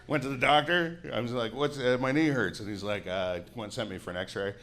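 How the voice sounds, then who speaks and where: A man's voice: mid-range voice, a little fast, background noise. A man in his forties, a Canadian comedian, doing a grouchy, sardonic stand-up set with plenty of swearing on a club stage into a handheld mic. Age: 40s.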